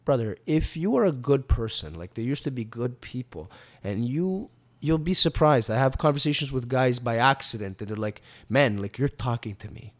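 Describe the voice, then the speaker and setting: A man's voice: mid-range voice, lively intonation, normal speed. A man co-hosting a casual podcast chat, swearing freely and acting out little quoted exchanges as he tells stories. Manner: profane, storytelling, acts out quotes. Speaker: podcast co-host.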